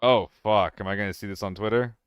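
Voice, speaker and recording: A man streaming a game live, chatting casually with viewers, laughing often and swearing when he gets excited. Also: fairly low pitch, fast talker, clean tone, no echo, clean studio sound. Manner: excitable, laughing and swearing between relaxed chat.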